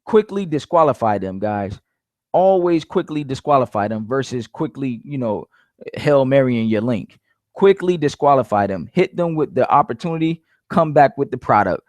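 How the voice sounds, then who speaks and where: A man's voice: mid-range voice, animated, moderate pace, a little mellow, no room sound. A man giving casual sales coaching, repeating his points emphatically and calling his listeners "guys". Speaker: network marketing coach.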